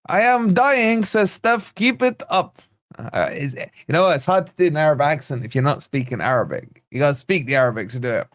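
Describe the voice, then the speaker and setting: A man's voice: medium pitch, expressive, quick pace, few pauses, dry recording. Laid-back man on a fan stream. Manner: laid-back banter, reads viewer comments aloud. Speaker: host of a football fan channel watch-along. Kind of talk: live match watch-along commentary and chat reading.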